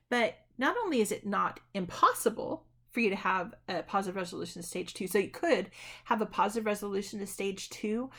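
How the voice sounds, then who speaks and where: A woman's voice: medium pitch, gravelly. A woman teaching a college psychology lecture in a conversational way, often checking in with "right?" and correcting herself mid-sentence. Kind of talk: recorded online lecture.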